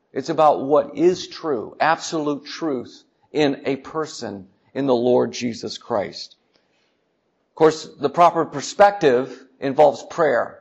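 Male preacher, gravelly, slow deliberate delivery, earnest, lo-fi church recording. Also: on the high side. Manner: earnest, repeats words, drops to soft tones for emphasis. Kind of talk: sermon. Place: church sanctuary. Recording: dull lo-fi church sermon recording.

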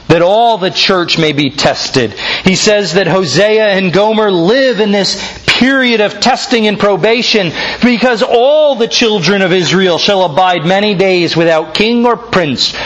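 Male pastor, high lively voice, earnest emphatic sermon delivery. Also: rough recording. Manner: earnest, emphatic preaching with slow stressed phrases.

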